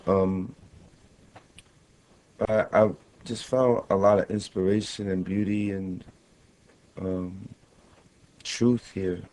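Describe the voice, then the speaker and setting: A man in his thirties, a guest on a radio interview, talking in a reflective, halting way with many fillers. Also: deep voice, fairly even intonation, darkish tone, low-quality recording. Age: 30s. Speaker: guest musician. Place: radio studio.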